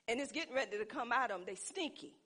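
A woman's voice: fairly high pitch, lively intonation, fast talker, fairly bright tone. A woman preaching a sermon, calling out to her congregation and building to fervent emphasis. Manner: call-and-response preaching, rising to fervent emphasis.

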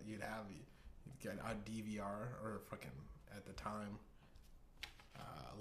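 A man hosting a casual comedy show, riffing in a rambling, profane way with many restarts. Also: fairly low pitch. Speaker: host. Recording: echoey room with faint hiss.

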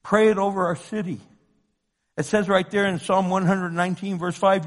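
A man preaching a sermon with passion, moving between loud pleading and hushed tones, in an echoing church hall. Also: sits high, normal speed. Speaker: pastor.

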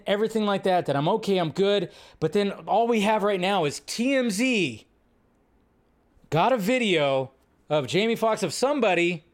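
A man hosting a live movie news stream, joking, reacting to chat and riffing casually. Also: high-pitched.

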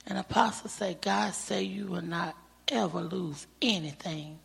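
A woman speaks slowly and earnestly before a church gathering, her voice gravelly and breathy. Her testimony builds to fervent praise. The sound carries the long reverb of a church hall. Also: fairly low pitch, a bit bright. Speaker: church member giving testimony.

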